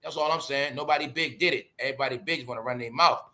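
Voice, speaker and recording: A man's voice: medium pitch, very fast, pushed and bright. A middle-aged man hosting a casual commentary show, talking emphatically and preachily to his viewers and calling them "y'all". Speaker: YouTube commentary host.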